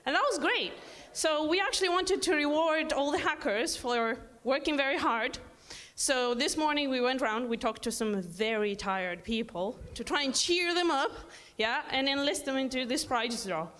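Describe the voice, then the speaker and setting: A woman speaks from the stage for a sponsor, chatty, friendly and upbeat. Her voice is high. It trails off in the long reverb of a big hall. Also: normal speed, a bit bright. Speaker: sponsor representative and mentor. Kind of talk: stage speech at an event. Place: large indoor event hall.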